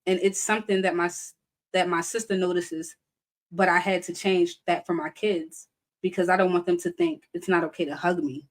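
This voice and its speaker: A woman's voice: fairly low pitch, steady tone, moderate pace. A young adult woman hosting a casual live-stream chat, talking animatedly, laughing often and reading viewer comments aloud. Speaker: live show host.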